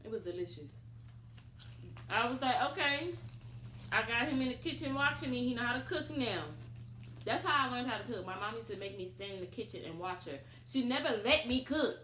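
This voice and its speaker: Animated woman in a roomy echo. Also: on the high side, fairly quick. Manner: animated storytelling, laughs often. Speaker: co-host of couple channel. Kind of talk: casual couple chat. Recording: echoey room with faint noise.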